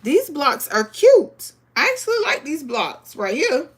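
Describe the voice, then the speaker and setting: Slow-talking woman, chatty craft vlogger. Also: high-pitched, huge pitch swings. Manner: chatty, talks to viewers as y'all, reads chat aloud. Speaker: crafting livestream host. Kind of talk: casual live sewing chat.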